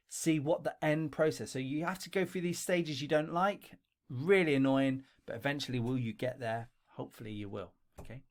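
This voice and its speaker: A middle-aged man with a broad London accent, talking straight to camera with blunt, chatty advice and a habit of ending points with "okay?". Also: on the high side. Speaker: online English teaching coach. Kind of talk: direct-to-camera advice video. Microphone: webcam or camera facing him.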